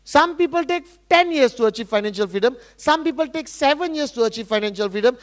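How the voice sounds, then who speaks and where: A man with a high-pitched voice works up a seminar crowd. He drives his points home with repeated questions to the room and a rousing, animated delivery. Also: fast talker, few pauses. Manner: rousing, repeatedly quizzing the audience. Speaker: motivational speaker. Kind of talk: sales seminar talk.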